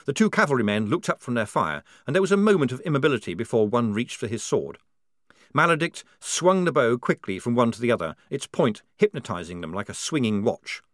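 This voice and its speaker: A man narrating a story in a wry, lively storytelling manner. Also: medium pitch, fairly quick, no echo, studio quality. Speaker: audiobook narrator.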